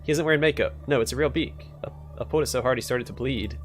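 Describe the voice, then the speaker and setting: A man's voice: medium pitch, fast talker, faint music behind, close to an everyday voice. A man voicing a chatty circus visitor who gossips about the show in a game. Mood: gossipy.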